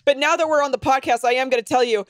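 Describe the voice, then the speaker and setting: A young woman with a fairly high voice, ribbing her co-host with quick jokes and frequent laughter. She talks casually, close to a dry mic. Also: no echo. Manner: teasing, playful, laughs often. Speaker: podcast co-host. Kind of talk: casual comedic chat.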